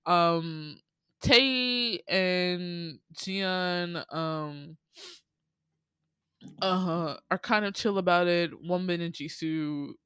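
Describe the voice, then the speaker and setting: A woman casually recapping a dating show on a podcast, animated, laughing and playfully exasperated as she tells it. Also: lowish voice, drawn-out words, clear, resonant tone, dry recording. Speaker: podcast host.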